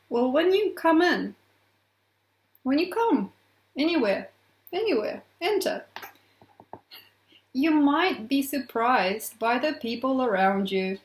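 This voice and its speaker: A woman astrologer talking to camera in a playful, affectionate, teasing way, laughing often. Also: on the high side. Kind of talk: casual astrology vlog to camera. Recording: echoey room.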